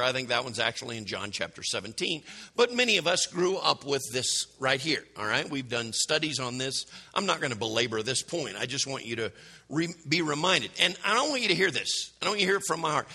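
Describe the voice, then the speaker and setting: A man's voice: fairly high pitch, gravelly, sharp tone, husky. A man preaching a conversational sermon, full of rhetorical questions and self-corrections. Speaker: pastor.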